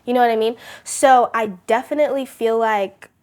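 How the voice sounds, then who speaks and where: A woman's voice: a little high, normal speed. A young woman as a podcast guest, telling a story with lots of "like" and fillers in casual chat. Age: young adult. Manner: animated storytelling with many fillers.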